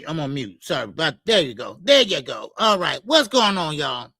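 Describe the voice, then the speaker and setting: A man's voice: on the high side, big pitch swings, moderate pace, sharp tone, dry recording, clean studio sound. A man hosting a boxing live stream in loose, chatty, profane talk, greeting his viewers by name. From Chicago. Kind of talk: casual live-stream chat.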